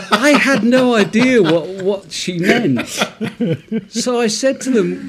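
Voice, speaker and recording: A man from Wales, a podcast co-host telling a self-mocking anecdote in casual chat, getting animated as the story builds. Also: high voice, unhurried, noisy background.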